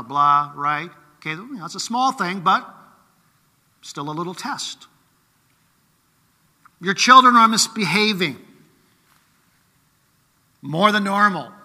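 A man's voice: on the high side, bright, forceful tone, big-room sound. A man preaching a sermon in a conversational way, often checking in with rhetorical questions.

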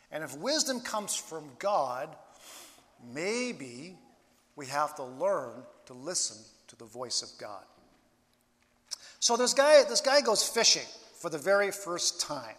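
A man delivers a sermon in an unhurried, deliberate way, leaning on long pauses. His voice sits a little high for a man. The sound carries a long reverb, as if recorded in a large hall. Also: a bit bright. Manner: slow, deliberate preaching with dramatic pauses. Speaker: pastor.

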